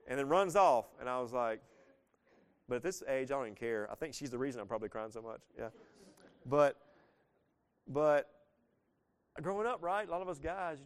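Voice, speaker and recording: Pastor, male, 30s; resonant, smooth voice; relaxed verse-by-verse sermon, casual and earnest, surging in emphasis. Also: medium pitch, moderate pace, long pauses.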